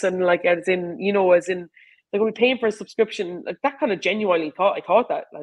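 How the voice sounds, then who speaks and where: A woman's voice: on the low side, a little fast, poor audio. Chatty Irish woman telling stories. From Ireland. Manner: animated, chatty, lots of fillers. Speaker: rugby player and coach, guest. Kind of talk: casual conversational interview.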